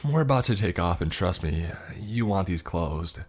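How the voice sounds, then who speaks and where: A man voicing a cryptic woman who quietly warns the narrator. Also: sits low, animated, moderate pace, soft background music. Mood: warning. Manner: hushed warning. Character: cryptic, warning young woman.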